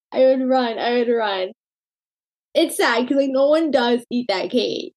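A woman's voice: on the high side, unhurried, darkish tone. A woman co-hosting a podcast in casual chat. She laughs constantly and teases her co-host. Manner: giggly, laughs constantly, teasing.

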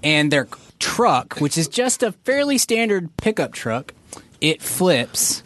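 Sarcastic man from Texas, higher voice. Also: takes it slowly. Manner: animated, sarcastic complaining. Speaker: podcast co-host. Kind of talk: casual chat reviewing TV pilots.

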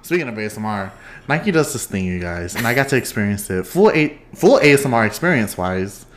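A man's voice: fairly low pitch, big pitch swings, fairly quick, slight background noise. A man from Texas, hosting a podcast and chatting casually with a friend, joking, laughing often and acting out quoted lines. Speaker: podcast host. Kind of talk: casual chat.

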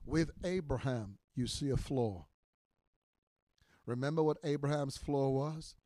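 A man in his sixties, a minister teaching in a podcast sermon, emphatic and repetitive, his voice swelling loud on key words. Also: medium pitch, unhurried, no room sound. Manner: repeats phrases for emphasis.

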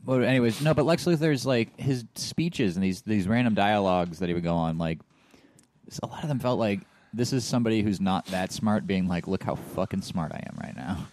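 A man talking in a rambling, animated way in casual chat, swearing freely. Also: lowish voice, fairly quick, no room sound.

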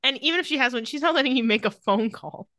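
A woman's voice: high voice, quick pace, no echo, studio quality. A woman co-hosting a podcast, chatting casually as she recaps a TV episode and acts out the lines in put-on voices. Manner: animated, quotes characters in put-on voices. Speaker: podcast co-host.

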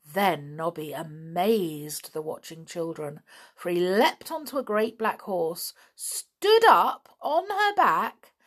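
A woman reading a children's book aloud, expressive and animated, with chatty asides. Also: on the low side, slow pace. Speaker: storyteller.

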